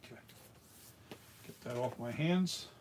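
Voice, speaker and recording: A man's voice: mid-range voice, unhurried, a little mellow, a little hiss or hum. A middle-aged man from South Jersey, chatting casually and muttering to himself while he makes a mask. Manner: rambling, mutters to himself, restarts. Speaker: mask maker. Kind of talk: casual workshop chat while working.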